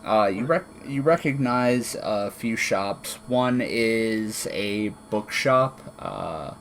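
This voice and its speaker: Slow, unhurried male game master. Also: on the low side, a little hiss or hum. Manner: relaxed, many fillers and restarts. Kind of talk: narrating a tabletop game over an online call.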